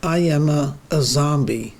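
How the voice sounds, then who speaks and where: A man's voice: on the high side, a little slow, creaky. A man playing a stubborn self-proclaimed zombie. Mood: insistent. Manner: calm, matter-of-fact insistence.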